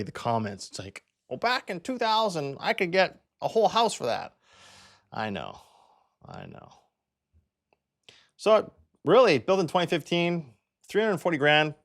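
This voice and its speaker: A man's voice: mid-range voice, fairly bright tone. A young man from Canada, a real estate agent, chatting casually as he walks through home listings and thinks aloud with plenty of fillers.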